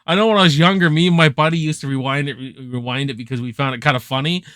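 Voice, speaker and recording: A young man giving a casual, excited film review, swearing freely and packed with slang. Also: medium pitch, fast, clear, resonant tone, no room sound. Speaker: movie reviewer.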